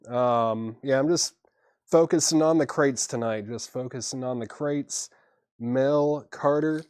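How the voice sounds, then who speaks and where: A man's voice: mid-range voice, darkish tone, no room sound, clean studio sound. A man hosting a live vinyl record sale, casually reading out albums, prices and buyer names and chuckling at himself. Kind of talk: casual live-stream selling.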